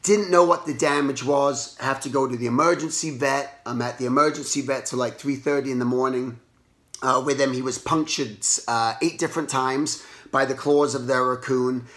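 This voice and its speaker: A hoarse man who has lost his voice, hosting a casual motivational talk and rambling with lots of restarts. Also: mid-range voice, normal speed. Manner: rambling, animated, restarts often. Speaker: artist and show host. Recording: roomy echo.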